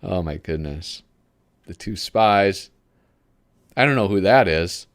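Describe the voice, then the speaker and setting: A man's voice: low voice, lively intonation, slow pace. A male host giving casual live commentary while flipping through a magazine. He rambles, gropes for names and chuckles often.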